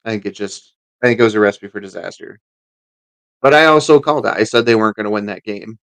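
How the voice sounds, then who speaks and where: Man, sports podcast co-host, lowish smooth voice, dry sound, halting, rambling. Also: fairly bright tone, no room sound, poor audio. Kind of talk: casual sports chat.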